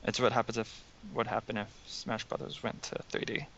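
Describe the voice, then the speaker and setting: A man's voice: medium pitch, level tone, brisk, a bit bright. A man co-hosting a casual gaming podcast, talking bluntly and with strong opinions. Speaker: podcast co-host. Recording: dull lo-fi with faint hiss.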